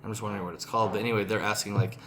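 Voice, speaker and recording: A man's voice: lowish voice, steady tone, rapid-fire, over a noisy crowd. A young man co-hosting a podcast in casual chat, a bit tipsy, rambling, swearing and hunting for words. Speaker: podcast co-host.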